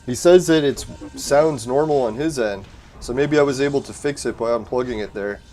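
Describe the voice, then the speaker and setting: A man on a casual live stream chatting from his home setup, laid-back and quick to swear and laugh. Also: mid-range voice, a little mellow, faint music behind. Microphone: desk mic through a soundboard.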